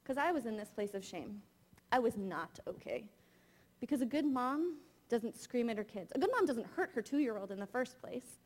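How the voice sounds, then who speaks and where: Woman in her 30s preaching, kinda high voice, super candid and confessional. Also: animated, normal speed, a little mellow. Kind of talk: sermon told as a personal story.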